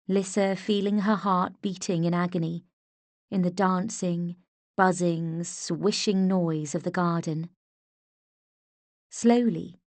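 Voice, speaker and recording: Woman reading a novel audiobook, lowish voice, even and measured, super dry sound. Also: dry recording. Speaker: audiobook narrator. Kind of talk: scripted narration.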